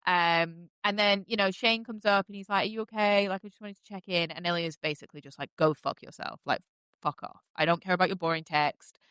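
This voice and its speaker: Bright, chatty woman gushing over a show. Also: on the low side, fairly quick, smooth, no room sound. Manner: chatty, many fillers, animated gushing. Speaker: podcast host recapping a TV series. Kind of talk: casual recap chat.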